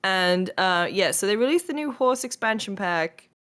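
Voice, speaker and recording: Woman co-host; chatty, lively, ranting with a smile. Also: mid-range voice, normal speed. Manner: chatty, animated, cheerfully ranting. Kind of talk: casual chat.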